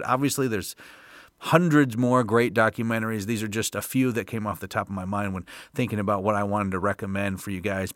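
A man's voice: fairly low pitch, fairly bright tone, dry recording, studio quality. A man hosting a podcast on his own, talking casually in an upbeat, jokey way with loose fillers. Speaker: podcast host. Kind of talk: casual solo podcast talk.

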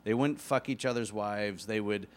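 A man co-hosting a podcast in casual chat, jokey and quick to laugh. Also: fairly low pitch. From United States. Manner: animated, laughs often, jokey asides. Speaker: podcast co-host.

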